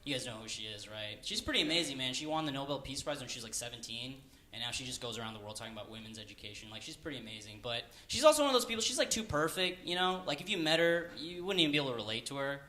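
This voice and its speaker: A man's voice: medium pitch, animated, very fast, bright, forceful tone. A young man doing a casual, rambling stand-up comedy set on stage, full of "like" fillers. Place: comedy stage before a live audience. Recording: live venue with background noise.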